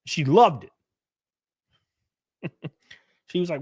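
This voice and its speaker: A man's voice: mid-range voice, animated, moderate pace, dry recording, clean studio sound. A young man chatting casually on a live stream, reading chat aloud with loose, jokey slang.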